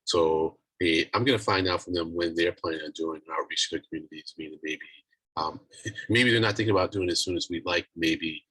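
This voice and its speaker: Very low husky man chairing a call. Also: sharp tone, no echo, low-quality recording. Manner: halting, many restarts and fillers. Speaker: meeting chair. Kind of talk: casual virtual meeting talk. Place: home office on a video call. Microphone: video call.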